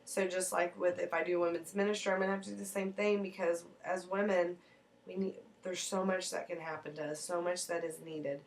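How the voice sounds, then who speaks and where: A woman's voice: on the low side, level tone, fairly quick, recorded from a distance, rough recording. A woman in her thirties sharing heartfelt faith reflections in a personal vlog, rambling earnestly with restarts.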